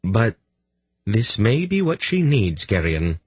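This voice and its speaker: A man voicing a calm, motherly woman in an audiobook, firm but gentle. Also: lowish voice, slow, breathy edge, no echo, pitched above the performer's own voice, heavily acted. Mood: soothing. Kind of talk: audiobook character voice.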